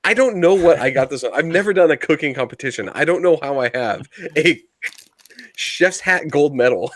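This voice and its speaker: A man's voice: on the high side, expressive, brisk, fairly bright tone, no room sound. A man co-hosting a casual podcast, joking around with his friends. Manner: joking, playful. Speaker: podcast co-host.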